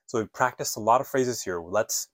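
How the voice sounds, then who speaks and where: A man teaching an English lesson, modeling phone phrases clearly and patiently asking listeners to repeat after him. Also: medium pitch, moderate pace, a bit bright, no echo.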